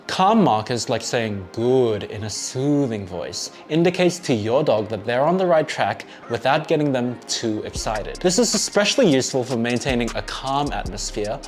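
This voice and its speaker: Guy explaining dog training, voice moves up and down a lot, soft music under it. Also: medium pitch. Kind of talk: scripted instructional narration.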